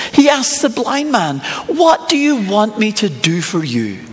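A middle-aged man, preaching a sermon in a conversational, storytelling way and asking rhetorical questions with a touch of humour. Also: fairly high pitch. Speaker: pastor. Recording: long hall reverb.

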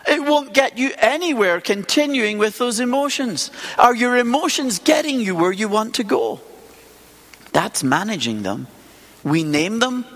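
Moving at a moderate pace, a preacher talks his sermon through in a conversational way, posing many rhetorical questions. His high voice jumps in lively leaps, with long reverb following it.

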